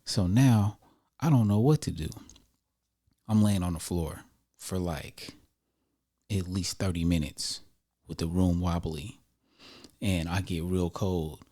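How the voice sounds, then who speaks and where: A man casually telling a personal story to his viewers in a relaxed, slangy, conversational way. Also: deep voice, slow pace, pauses often.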